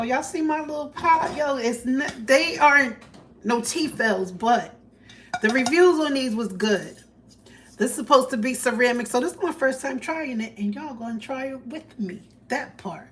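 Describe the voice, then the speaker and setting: A young woman, chatting loosely and joking with profanity as she cooks breakfast on a livestream. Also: a little high. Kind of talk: casual livestream chat while cooking. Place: home kitchen. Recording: distant phone mic with background noise.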